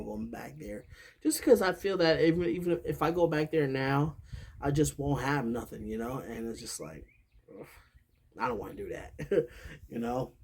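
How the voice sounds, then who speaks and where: A man's voice: mid-range voice, a little mellow. Brief: New York man, easygoing rambling vlogger, medium voice, outdoors with faint traffic. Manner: rambling and chatty, with many fillers and laughs. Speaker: vlog host. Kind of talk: casual chat. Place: outdoors near a highway. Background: passing traffic.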